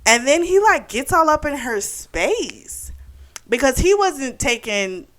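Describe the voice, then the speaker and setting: Speaking slowly in a high, sing-song voice with a fairly bright tone, this young woman goes over a novel for her book club channel. Her talk is relaxed and chatty, peppered with "like" and "you know".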